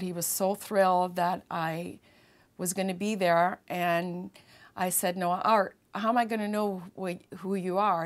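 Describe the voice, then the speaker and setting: Woman, nurse, anecdote, lowish pitch, lively quotes. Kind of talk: interview anecdote.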